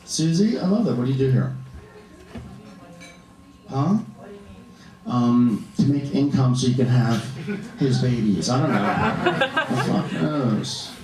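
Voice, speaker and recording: A man doing stand-up comedy in a comedy club, camp and animated, bantering with the audience. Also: mid-range voice, slow, pauses often. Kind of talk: stand-up comedy with crowd work. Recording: echoey club heard from a distance, audience laughter. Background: audience laughing.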